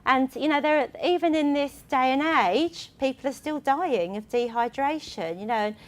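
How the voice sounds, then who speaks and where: High-voiced woman presenting with laughs. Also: normal speed. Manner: lively, laughs between points, conversational fillers. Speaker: presenter from a dementia resource organisation. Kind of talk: presentation to an audience.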